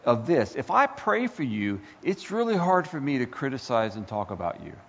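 A man's voice: mid-range voice, big pitch swings, moderate pace. A male pastor preaching a sermon with impassioned build-ups and rhetorical questions. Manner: impassioned, rising to near-shouts, rhetorical questions. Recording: echoey hall, dull lo-fi sound.

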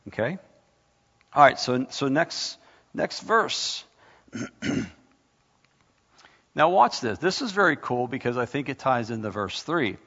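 A male pastor preaches with a gravelly edge, driving his points home with repeated rhetorical questions. The sound is dull and carries a long church echo. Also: medium pitch, expressive, moderate pace, pauses often, a bit bright. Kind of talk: sermon.

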